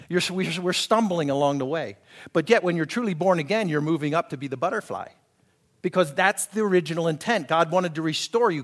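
A man pastor preaches briskly in a voice on the high side, keeping his sermon conversational. He dramatizes quoted speech and asks his listeners to confirm they're following along.

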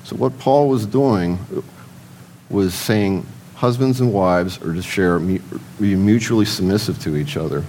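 Deep-voiced man preaching a conversational sermon. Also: a little slow, a little mellow, slight background noise, low-quality recording. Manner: conversational, asks rhetorical questions and answers them; addresses the men in the audience directly.

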